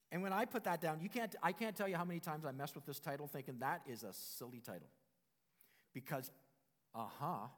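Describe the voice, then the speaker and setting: A man preaching a sermon as pastor, in an emphatic style that repeats declarations and builds to loud passages. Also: mid-range voice. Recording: long reverb of a church hall.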